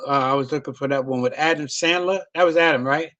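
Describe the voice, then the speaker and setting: A man's voice: mid-range voice, fast talker, fairly bright tone, no echo, lo-fi sound. A middle-aged man, a comedian, telling a long profane story in a loose, rambling way. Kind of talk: casual storytelling on a video call.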